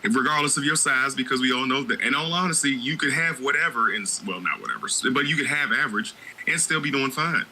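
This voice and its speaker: Guy podcast cohost, really bright sharp voice, preachy and emphatic, faint room hiss. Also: medium pitch, fast talker, poor audio. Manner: emphatic, preachy, addresses listeners directly. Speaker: podcast co-host. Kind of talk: casual podcast chat.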